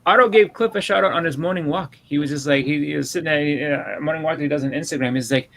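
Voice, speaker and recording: A man with a thick Boston accent chats as a podcast host. He talks fast and circles back over his own words, and his voice has a gravelly edge. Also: on the high side, fairly bright tone, rough recording. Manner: rambling, repeats words while talking. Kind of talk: casual chat.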